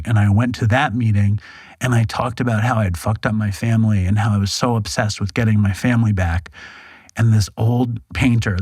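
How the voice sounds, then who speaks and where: A man in his forties, guesting on a podcast, gives a candid interview in a lowish, slightly breathy voice. He tells his story frankly and with energy, swearing and acting out what other people said. The studio recording is dry.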